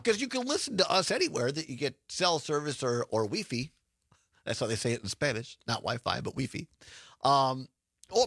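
A man's voice: on the high side, a bit bright, dry recording. A man hosting a call-in radio show in a studio, chatting casually, joking and laughing often. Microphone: studio microphone.

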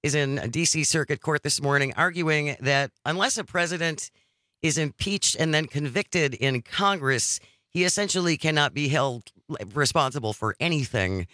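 A man's voice: fairly high pitch, normal speed, pushed and bright, no echo. A man hosting a live political talk radio show from a studio, reading listener texts and news in a wry, conversational way. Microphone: studio microphone.

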